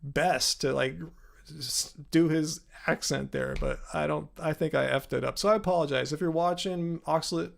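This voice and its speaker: A man's voice: a little high, steady tone, normal speed, gravelly. A man from the United States hosting a live Q&A stream, talking in a loose, rambling way full of fillers. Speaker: host.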